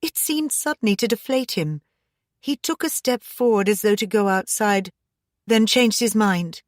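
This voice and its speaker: A woman narrating a mystery audiobook in a steady, measured manner. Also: mid-range voice, no room sound, studio quality. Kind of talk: scripted narration.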